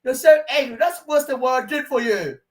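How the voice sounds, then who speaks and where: A man mimicking a shrill dismissive woman. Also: lively intonation, a little slow, fairly bright tone, far from the mic. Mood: mocking. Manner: mocking, shrill, exaggerated. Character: dismissive sneering woman who won't listen.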